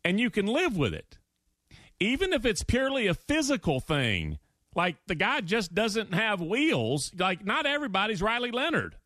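A man hosting sports radio talks at normal speed in a high voice, on a dry, clean studio recording. He opines emphatically, telling lively stories and acting out the quotes.

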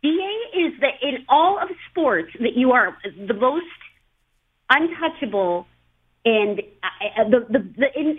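Female call-in guest, effusive and tumbling, husky voice over a phone line. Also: medium pitch. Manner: effusive, gushing, stumbling over words. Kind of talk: casual chat.

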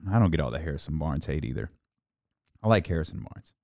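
A man's voice: a bass voice, lively intonation, fast talker, darkish tone, no echo, studio quality. A man hosting a sports podcast, ranting casually and mocking fans in a raised voice.

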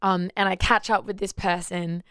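Brief: woman podcast co-host, lively anecdotal storyteller, mid pitch, close dry mic. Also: moderate pace, clean tone, no room sound. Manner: animated storytelling, laughs often. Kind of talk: casual faith podcast chat.

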